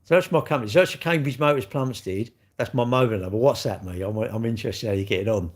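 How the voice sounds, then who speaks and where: A man's voice: medium pitch, fast. An older man, chatting casually with viewers on a livestream, blunt and joking, swearing freely. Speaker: livestream host.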